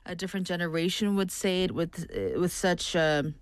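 A woman co-host with a lowish voice chats and tells stories playfully. Her pitch moves a lot, and the recording is dry and close. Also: expressive, normal speed, dry recording. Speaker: podcast co-host. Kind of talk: casual chat.

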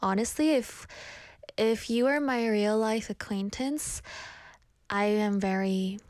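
A woman's voice: medium pitch, slow, dry recording, clean studio sound. A young woman hosting a casual stream, chatting with viewers, reading their comments aloud and telling self-deprecating stories. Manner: animated quoted voices in stories. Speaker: streamer host reading chat.

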